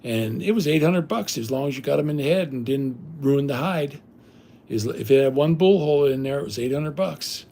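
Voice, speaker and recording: A man's voice: mid-range voice, normal speed, dark tone. An older man hosting a livestream, telling rambling stories in a blunt, casual way with salty language. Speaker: livestream host.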